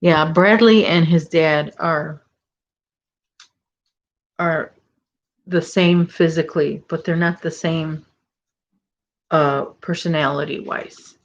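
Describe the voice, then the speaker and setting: A woman's voice: sits low, steady tone, takes it slowly, pauses often, muffled recording. A middle-aged woman hosting a casual crochet live stream, chatting and rambling as she reads viewer comments. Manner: chatty, rambling, self-correcting. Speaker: crochet channel host.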